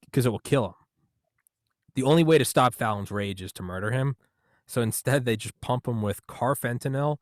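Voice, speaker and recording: A young man in casual comedic chat, rambling through jokes and bursting into loud shouted impressions. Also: on the low side, no echo, clean studio sound.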